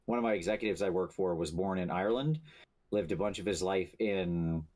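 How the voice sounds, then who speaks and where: A man, a player, chatting casually at a tabletop game in an easygoing way with quick agreeing remarks. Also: low-pitched, a crowd in the background.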